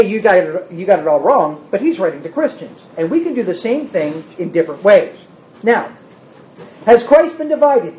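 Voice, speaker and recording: A man's voice: sits high, darkish tone, muffled recording. A man preaching a sermon, emphatic, firing rhetorical questions at the congregation and answering them himself.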